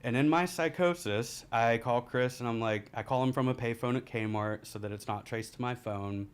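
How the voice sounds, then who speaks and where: A man, a podcast guest telling a rambling, candid story and laughing through the dark parts. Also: medium pitch, normal speed, clear, resonant tone. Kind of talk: casual storytelling.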